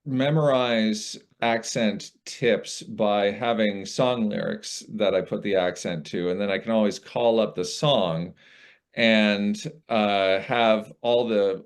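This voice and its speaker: A man, a guest audiobook narrator in casual conversation, rambling and reflective, with frequent restarts. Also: on the low side.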